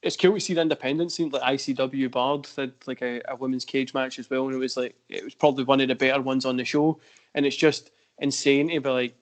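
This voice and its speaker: A man's voice: mid-range voice, fairly even intonation, quick pace. A man hosting a casual podcast, talking in rambling sentences full of fillers. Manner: rambling, heavy use of fillers. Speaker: podcast host. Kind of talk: casual chat.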